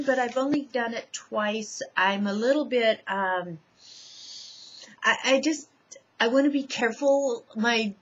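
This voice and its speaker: Slow, deliberate woman speaking at home. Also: mid-range voice, fairly bright tone. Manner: slow, deliberate, listing each change. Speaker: person describing her own recovery. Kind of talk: personal testimonial to camera. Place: at home, seated in a chair. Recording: dull lo-fi home recording, faint noise.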